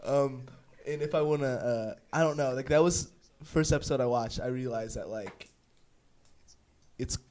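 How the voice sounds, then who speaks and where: A man's voice: mid-range voice, normal speed, a little mellow. A young man hosting a casual podcast chat, joking around and often laughing at himself. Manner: laughing, joking, self-mocking. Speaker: podcast host.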